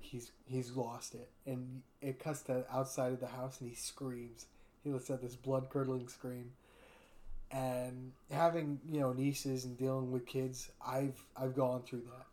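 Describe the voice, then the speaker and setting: A man's voice: mid-range voice, little pitch movement, moderate pace, mellow. A man hosting a casual podcast chat, retelling cartoon scenes and putting on a voice for each character. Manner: fond of doing impressions. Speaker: podcast host.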